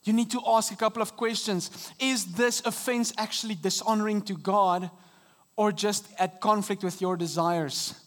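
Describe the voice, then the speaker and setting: A man preaching a sermon from a church stage into a microphone, earnest and dynamic, with sudden soft drops and emphatic rises. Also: sits high, steady tone, moderate pace. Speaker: pastor. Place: church auditorium.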